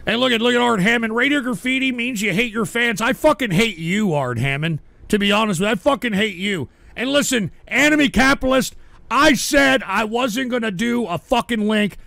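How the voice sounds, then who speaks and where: An older man hosting a live show, ranting profanely at his chat and often shouting. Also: high-pitched, lively intonation, a little fast, no echo. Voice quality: gravelly. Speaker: radio show host reading chat. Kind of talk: ranting live stream talk.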